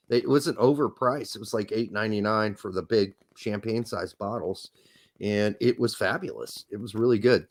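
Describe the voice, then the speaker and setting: A man co-hosting a casual soccer podcast, talking bluntly and swearing as he rants. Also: fairly low pitch. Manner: blunt, profane and ranting. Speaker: podcast co-host.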